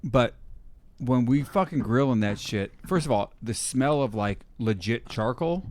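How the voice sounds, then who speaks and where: A man co-hosting a casual podcast, telling stories in an animated way, swearing often and laughing as he talks. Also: mid-range voice, a little slow. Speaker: podcast co-host. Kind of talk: casual profane chat.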